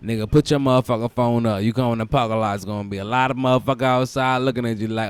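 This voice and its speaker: A young man hosting a comedic podcast, ranting in a loose, profane way and bursting into loud mocking quotes. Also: mid-range voice, quick pace, hardly any pauses, clear, resonant tone, dry recording. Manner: profane, animated storytelling with loud mock quotes. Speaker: podcast host. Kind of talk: casual comedic podcast rant.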